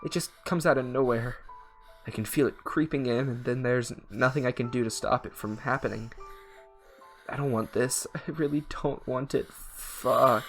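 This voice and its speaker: A frightened young woman struggles through a panic attack, her words strained and fearful, as a man reads her lines aloud. The voice stays at an ordinary middle pitch. Faint game music plays underneath. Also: steady tone, normal speed, a bit bright, close to an everyday voice.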